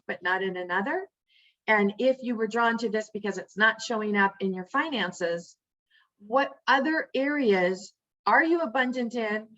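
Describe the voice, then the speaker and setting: A woman's voice: sits high, a bit bright, highs cut off. A woman giving an earnest, emphatic motivational teaching, repeating phrases for stress. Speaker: spiritual teacher.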